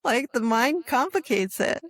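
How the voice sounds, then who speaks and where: A woman yoga instructor talking in a calm interview, with a soothing, guiding manner and a habit of asking "right?". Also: fairly high pitch, unhurried, no room sound, clean studio sound. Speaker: yoga instructor and sobriety guest. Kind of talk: calm conversational interview talk.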